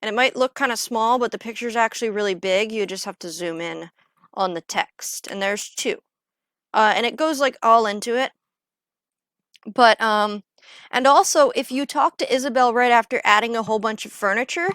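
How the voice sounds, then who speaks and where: A woman's voice: on the high side, animated, normal speed, a bit bright, smooth, no echo, clean studio sound. A woman chatting casually on a livestream as she plays, rambling along with lots of filler words. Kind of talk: casual livestream chat while gaming.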